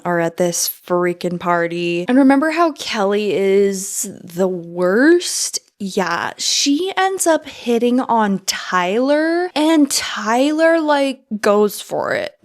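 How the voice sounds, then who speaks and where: Woman, TV recap vlogger, sarcastic, animated, average pitch, casual chat. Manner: sarcastic, animated, laughs often.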